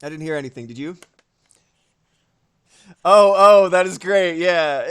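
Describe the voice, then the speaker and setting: Drawing on a live stream, this man chats casually in an animated way, swearing freely and tossing in quick asides. His voice sits on the high side, with a clear, resonant tone.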